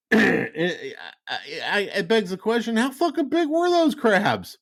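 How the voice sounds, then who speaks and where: A man with a fairly high, bouncy voice that swings up and down as he co-hosts a casual podcast into a studio mic. He swears freely and laughs easily as the banter rolls on. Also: takes it slowly. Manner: profane, animated, laughs easily. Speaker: podcast co-host. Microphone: studio mic with cough button.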